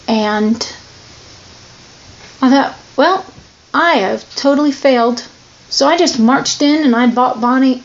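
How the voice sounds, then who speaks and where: A woman's voice: a little high, a little mellow, muffled recording. A woman giving an earnest, emotionally open personal testimony in a candid, confessional way. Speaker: person sharing her struggles.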